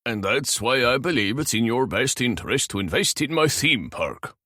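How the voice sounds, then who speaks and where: A man's voice: medium pitch, animated, normal speed, pushed and bright, no room sound, clean studio sound, voice pushed up. A man voicing a pushy middle-aged Norwegian businessman with a thick accent and an eager, pleading manner.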